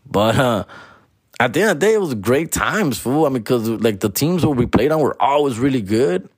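A man's voice: medium pitch, animated, moderate pace, slightly rough, no room sound, clean studio sound. A young man telling a profane, casual story, mixing Spanish and slang.

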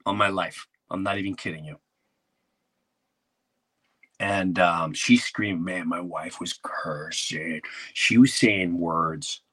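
A man hosting a podcast who tells a comedic story in an animated, rambling way and acts out the quotes. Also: low voice, slow, husky. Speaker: podcast host.

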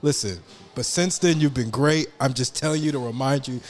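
A man's voice: medium pitch, moderate pace. A young man co-hosting a podcast, telling stories with lots of laughter and joking. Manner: laughing, joking, animated storytelling. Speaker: podcast co-host. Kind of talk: casual chat.

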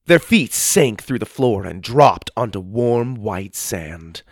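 A man reads a children's adventure audiobook in an expressive storytelling manner. His voice is low and slightly gravelly, and his pitch moves in wide, lively swings. The recording is dry and close. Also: slow, no room sound. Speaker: narrator.

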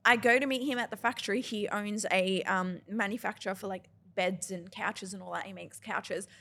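A woman's voice: mid-range voice, normal speed. A young adult woman co-hosting a podcast, telling stories in a chatty way full of "like". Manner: chatty, lots of "like", animated when quoting people. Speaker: podcast co-host. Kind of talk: casual chat, storytelling.

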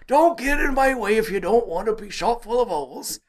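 A man voicing a boastful, shouty male Viking commander as a comic bit. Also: animated, normal speed. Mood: gleeful. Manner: high, shouty, cartoonish pirate-like bravado. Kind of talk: comic impression on a podcast.

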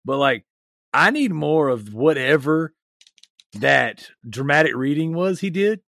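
A man's voice: a little high, expressive, unhurried, creaky, fairly bright tone, dry recording. A man co-hosting a podcast, teasing a friend in loose, joking banter. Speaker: podcast co-host.

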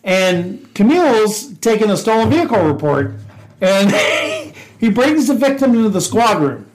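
A man with a fairly high voice tells a prank story from his police days, laughing at his own punchlines. He acts out what people said as he goes, and the talk is loose and chatty. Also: huge pitch swings, a little slow, rough recording. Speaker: podcast co-host, former police officer. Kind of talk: casual storytelling chat.

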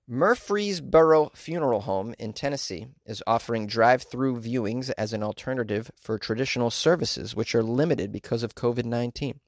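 A man's voice: medium pitch, normal speed, hardly any pauses, no room sound, studio quality. A man hosting a casual show, reading news stories aloud and chatting about them with joking asides and many fillers. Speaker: host reading and commenting on news.

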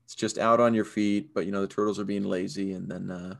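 A man co-hosting a podcast, chatting in a relaxed, rambling way with lots of fillers. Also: low-pitched, brisk, creaky. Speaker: podcast co-host. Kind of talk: casual chat.

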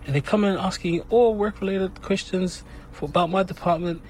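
Male caller, high voice, mock-impressions, faint noise around. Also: normal speed. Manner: animated, mimics people in a mocking voice. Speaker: listener leaving voice message. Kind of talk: ranting anecdote.

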